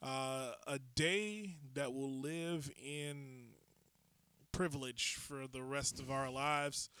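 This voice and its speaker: A man's voice: mid-range voice, fairly even intonation, slow, pushed and bright, clean tone, no room sound. A man hosting a comedy podcast, playful and sarcastic, jumping in with jokes. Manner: playful, sarcastic, jumps into bits. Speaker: podcast host. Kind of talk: casual comedic podcast chat. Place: podcast studio.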